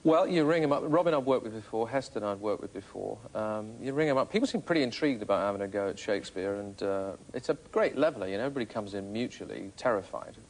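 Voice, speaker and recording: A man speaking briskly and casually in an interview. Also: on the low side, animated, poor audio.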